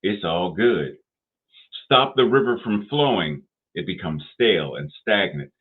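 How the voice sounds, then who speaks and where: A man giving a sermon, deliberate and repetitive, asking rhetorical questions. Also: deep voice, expressive, slightly rough. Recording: tinny phone-like sound.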